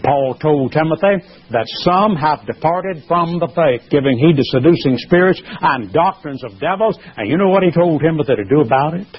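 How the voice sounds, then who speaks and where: A man's voice: a little high, animated, normal speed, hardly any pauses, slightly rough. A man preaching a sermon, emphatic and rising in force as he presses his points. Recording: muffled lo-fi sermon recording.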